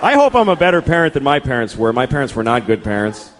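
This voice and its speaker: A middle-aged man doing stand-up comedy, profane and exasperated, jumping into quick acted-out characters. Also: mid-range voice, very animated, a crowd in the background. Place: comedy club stage. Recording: live club set with audience laughter and noise. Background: audience laughter and room noise.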